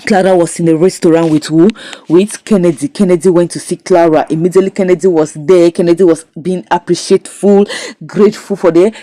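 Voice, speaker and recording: A woman, recapping a comedy series in an animated storytelling way, with emphatic asides to her viewers. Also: on the low side, brisk, no room sound, rough recording. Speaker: show recap reviewer. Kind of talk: casual recap commentary.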